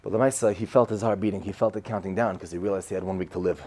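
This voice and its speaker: Man, casual sermon storytelling, lowish voice, warm mellow tone, faint background noise. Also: steady tone, very fast. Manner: conversational, repeats phrases, acts out quoted voices. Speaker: speaker telling a Torah parable.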